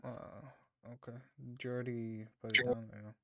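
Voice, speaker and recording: A man's voice: mid-range voice, little pitch movement, a little fast, sharp tone, dry recording, lo-fi sound. A young man playing in a tabletop game, casually asking short questions and double-checking details. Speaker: player.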